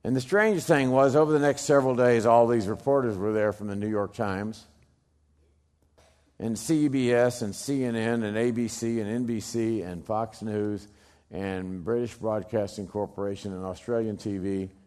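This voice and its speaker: A middle-aged man giving a dramatic storytelling speech, emphatic, swinging from loud bursts to hushed low lines. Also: fairly even intonation, normal speed. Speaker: speaker telling a personal story.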